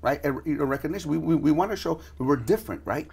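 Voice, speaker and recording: Excitable man full of fillers. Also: a little high, quick pace, vocal fry, breathy edge. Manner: excitable storyteller, heavy "you know" fillers. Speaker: podcast host. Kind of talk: casual interview chat.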